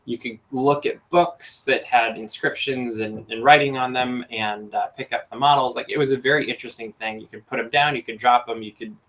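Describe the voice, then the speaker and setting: A man's voice: mid-range voice, steady tone, brisk, hardly any pauses, a bit bright, rough recording. A man hosting a casual podcast chat, enthusiastic and rambling with lots of fillers. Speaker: podcast host.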